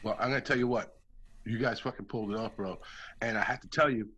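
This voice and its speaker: A man's voice: on the low side, fairly even intonation, quick pace, a bit bright, lo-fi sound, a little hiss or hum. A man in casual chat, talking emphatically and swearing often. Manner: profane, emphatic.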